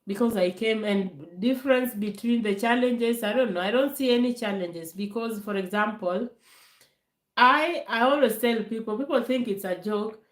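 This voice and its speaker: A woman telling stories in a casual live Q&A, animated and full of fillers, acting out voices when she quotes people. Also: fairly high pitch, moderate pace. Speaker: vlogger answering viewer questions. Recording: echoey room.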